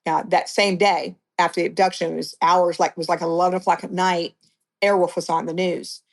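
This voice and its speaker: A woman's voice: on the low side, little pitch movement, brisk. A middle-aged woman giving a blunt, conversational account of her past as an interview guest. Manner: blunt, conversational storytelling with restarts.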